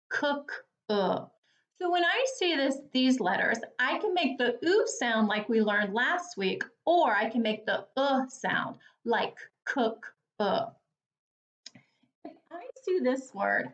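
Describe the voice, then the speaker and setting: A woman teacher leading a phonics lesson for young children, speaking slowly and clearly with an encouraging tone. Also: high voice, a bit bright, muffled recording. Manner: slow, clear, encouraging, over-articulated.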